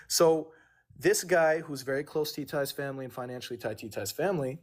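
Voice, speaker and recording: A man's voice: medium pitch, expressive, brisk. A young man telling a long personal story on a livestream, rambling and backtracking, acting out what others said.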